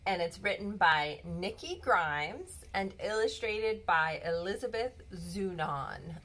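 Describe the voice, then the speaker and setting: A woman reading a children's bedtime story aloud in a gentle, expressive storybook manner. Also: on the low side, slow, few pauses.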